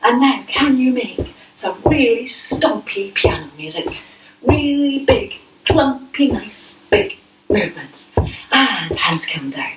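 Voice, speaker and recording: A woman leading a yoga class for children, speaking gently and playfully with coaxing questions. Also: on the high side, very animated, takes it slowly, slight background noise. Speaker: yoga teacher. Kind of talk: guided kids' yoga class. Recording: echoey room, voice from a distance.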